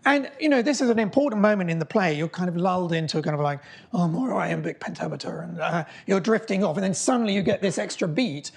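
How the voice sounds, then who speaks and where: A man's voice: sits high, quick pace, vocal fry, slightly rough. A middle-aged man giving a public lecture, telling stories with enthusiasm, full of ums, uhs and restarts. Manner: enthusiastic storytelling with many fillers and restarts. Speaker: mathematician giving a public talk. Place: lecture hall before an audience.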